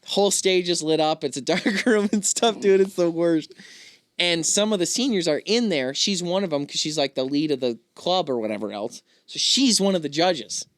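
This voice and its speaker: A man hosting a podcast, telling a story in casual chat, animated and laughing often. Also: fairly high pitch, normal speed, dry recording. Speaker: podcast host.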